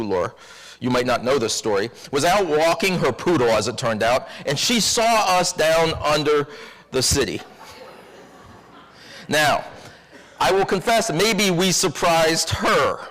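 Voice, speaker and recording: A man's voice: fairly high pitch, a bit bright. A man preaching a sermon as minister, telling a story in a wry, confiding way. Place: church sanctuary. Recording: long church reverb.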